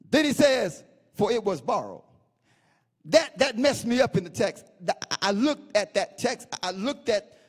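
A pastor preaching a sermon, swinging between sing-song chanting and shouts and repeating phrases for emphasis. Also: male voice, extremely high pitch, big-room sound.

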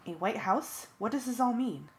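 A woman's voice: fairly high pitch, animated, normal speed, pitched above the performer's own voice. A woman voicing a young male alien who asks stiff, formal questions. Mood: puzzled. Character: earnest alien male youth, formal, puzzled.

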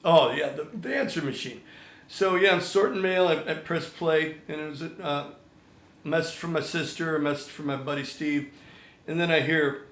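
Older male songwriter guest, animated raconteur, slightly high voice, echoey room. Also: moderate pace. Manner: animated storyteller, acts out quotes. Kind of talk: storytelling anecdote.

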